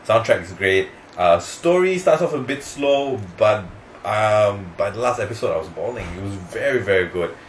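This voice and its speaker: A man's voice: fairly low pitch, animated, normal speed, roomy sound, a little hiss or hum, poor audio. A man co-hosting a podcast, chatting casually and enthusiastically with lots of fillers and restarts. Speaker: podcast co-host. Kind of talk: casual chat, recommending anime.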